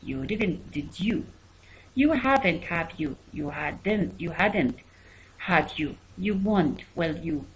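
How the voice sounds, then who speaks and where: A woman teaching an English grammar lesson. Her pitch moves a great deal as she reads out example sentences, repeating them to drive each point home. Her delivery is clear and methodical, like a classroom teacher's. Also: expressive, slow, slight background noise, low-quality recording. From Arab world.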